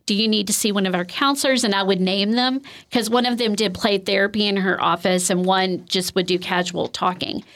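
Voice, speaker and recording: A woman of middling pitch explains calming techniques in an easygoing training talk. She rambles a little, leans on "you know" and "um", and acts out soothing example lines as she goes. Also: a little fast, hardly any pauses. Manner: conversational, many fillers like "you know" and "um"; acts out example phrases in a gentle coaching tone. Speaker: trainer on de-escalation. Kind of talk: informal recorded training talk.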